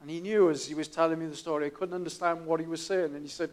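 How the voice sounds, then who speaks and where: Male preacher, sermon, fairly high voice, quiet earnest storytelling, small restarts. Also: steady tone, quick pace.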